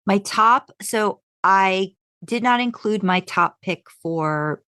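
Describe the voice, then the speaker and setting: A woman's voice: slow, sharp tone, smooth, no room sound, clean studio sound. A woman co-hosting a podcast, talking in a chatty way with lots of fillers and restarts. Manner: jumps into high voices when quoting. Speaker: podcast co-host. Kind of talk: casual chat.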